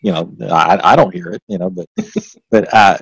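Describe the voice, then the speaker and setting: A man with a low-pitched voice and an easy Southern drawl, speaking as an interview guest. He rambles in a folksy way and keeps restarting his sentences, then turns emphatic when he drives a point home. The recording is close and dry, with no room sound. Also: normal speed, creaky, fairly bright tone, breathy edge, no echo, low-quality recording. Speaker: interview guest, author and accountant. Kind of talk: casual interview talk.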